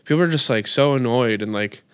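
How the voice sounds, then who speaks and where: Rambling man with a smooth, dry voice. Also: mid-range voice, a little fast, no room sound. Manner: rambling, heavy use of "like". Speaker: podcast co-host. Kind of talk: casual chat.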